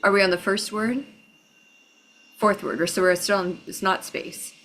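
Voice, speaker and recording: A woman's voice: mid-range voice, steady tone, a little slow, fairly bright tone, a little hiss or hum, rough recording. A woman playing a guessing game, calling out single-word guesses one by one. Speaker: game player.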